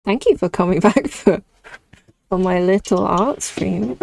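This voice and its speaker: A woman's voice: medium pitch, a little slow, gravelly, darkish tone, a little hiss or hum. A young British woman chatting casually with her viewers while drawing on stream, reading chat and laughing often. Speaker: artist streamer.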